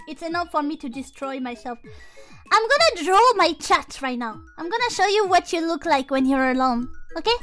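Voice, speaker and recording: Shrieky high-voiced young woman streamer. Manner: excitable and shrieky, swears, drops Japanese words. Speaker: VTuber streamer. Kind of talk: casual live-stream chat. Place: her room at home.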